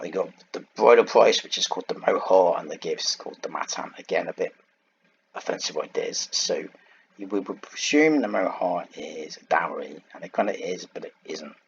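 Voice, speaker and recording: A deep-voiced man teaching a Bible lesson in a loose, informal way, walking through his slides. He drifts into side points and stops to search aloud for the right word. The sound is a little dull and muffled, with a faint hiss underneath. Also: a bit bright. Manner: digressive, thinks aloud and searches for words. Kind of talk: informal lecture over slides.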